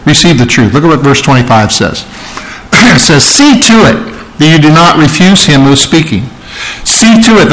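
A man's voice: on the high side, a bit bright, rough recording. A man preaching an expository sermon, explaining scripture word by word, with frequent restarts and rising emphasis on key phrases. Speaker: pastor.

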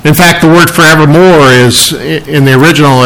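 A man with a fairly high-pitched voice preaches a sermon. He reads and explains scripture in a chatty, conversational way. He breaks out now and then into excited outbursts. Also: normal speed, vocal fry, hardly any pauses, low-quality recording. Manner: conversational Bible teaching with bursts of excitement. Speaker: pastor.

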